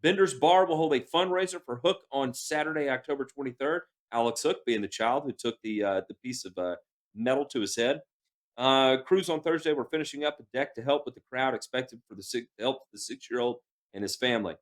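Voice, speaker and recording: A man's voice: mid-range voice, a little fast. Man reading news on a podcast. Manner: animated, breaks into personal anecdotes. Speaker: podcast co-host. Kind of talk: reading news items aloud with casual commentary.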